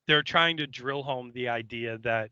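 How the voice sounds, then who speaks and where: A man co-hosting a casual podcast, easygoing with a deadpan sarcastic streak. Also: mid-range voice, unhurried, smooth, dry recording, lo-fi sound. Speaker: podcast co-host. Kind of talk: casual chat.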